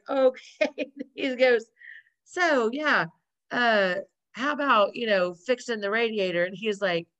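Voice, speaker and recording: A woman's voice: on the high side, fairly bright tone. A woman chatting casually, retelling a sitcom episode with frequent laughs and acted-out quotes. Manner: laughing often, acting out quotes.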